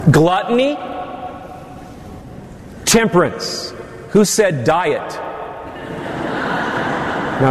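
A man's voice: medium pitch, noisy background. A male priest giving a sermon to his congregation, with teasing asides. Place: church. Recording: long church reverb.

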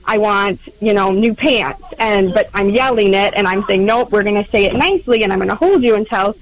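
A woman's voice: mid-range voice, a little fast, a little hiss or hum, rough recording. A young mother calling in to a radio show, speaking hesitantly with many ums and likes. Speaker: caller, mother of two. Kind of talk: phone-in call.

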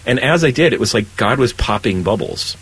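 Talking about faith in a conversational spiritual show, a priest is earnest and animated, his voice climbing when something moves him. His delivery is brisk and a bit breathy, in a rough recording.

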